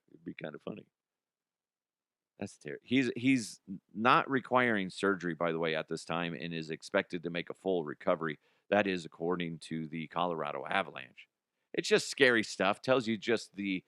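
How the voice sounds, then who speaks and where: A man in his thirties or forties hosts a comedy sports-news podcast in a fairly low voice, recorded dry and close. His talk is blunt and profane, jumping from heated rants to muttered, quiet asides. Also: dry recording. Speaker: podcast host. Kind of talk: casual comedic news commentary.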